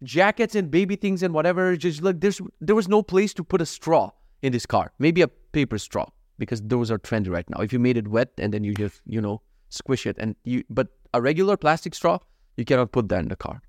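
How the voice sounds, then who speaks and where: A man's voice: medium pitch, expressive, a little fast, a little mellow, no echo, studio quality. A man from North Macedonia, telling a story in a casual, profane, ranting vlog monologue. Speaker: vlogger.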